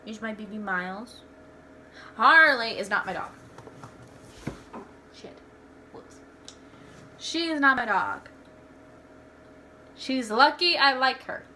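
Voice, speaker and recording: A woman's voice: a little high, expressive, slow pace, pauses often, bright, forceful tone, a little hiss or hum. A young woman tells personal stories in a candid, rambling home vlog, restarting her sentences often. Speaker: vlogger. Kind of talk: casual storytelling vlog.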